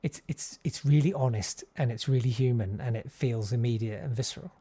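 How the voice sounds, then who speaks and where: Middle-aged male comedian from Southeast London; posh, friendly voice, self-deprecating interview storyteller, mid pitch. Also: a little fast, dark tone, breathy edge. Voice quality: friendly-sounding voice. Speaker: guest comedian. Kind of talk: casual interview chat.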